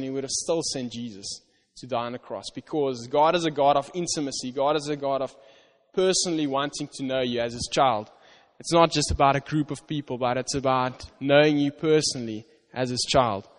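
A man preaching a sermon, reading scripture slowly and earnestly with stress on "you", often restarting his words. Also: medium pitch. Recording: long hall reverb.

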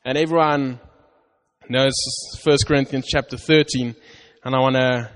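A man preaching a sermon, reading scripture slowly and earnestly with stress on "you", often restarting his words. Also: medium pitch, steady tone. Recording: long hall reverb.

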